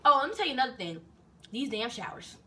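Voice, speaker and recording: A young woman vlogger telling a casual story in an animated way, swearing freely and acting out what people said. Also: a little high, fast talker.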